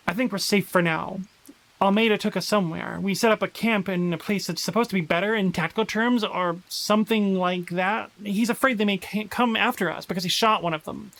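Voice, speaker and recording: A man's voice: high voice, fairly quick, vocal fry, fairly bright tone, poor audio. A man streaming a survival game live, chatting casually and reading in-game journal entries aloud with dramatic flair.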